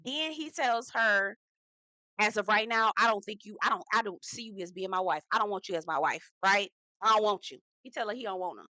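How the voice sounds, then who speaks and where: A woman hosting a casual reality TV recap, talking in a sassy, profane, animated way and acting out the quotes herself. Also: medium pitch, brisk, no room sound, rough recording.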